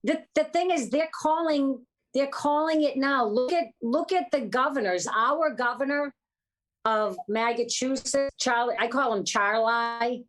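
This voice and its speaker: A woman's voice: high-pitched, a little slow. A woman guest on a political talk show, talking emphatically and repeating her points.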